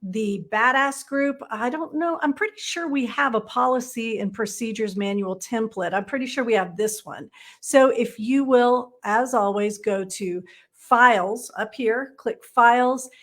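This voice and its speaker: A woman with a slightly high voice runs a casual live training session for counseling supervisors. She talks bluntly and playfully, with frequent "right?" checks to her viewers. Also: measured pace. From Texas. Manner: chatty, frequent "right?" tag questions. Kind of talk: casual live-streamed teaching.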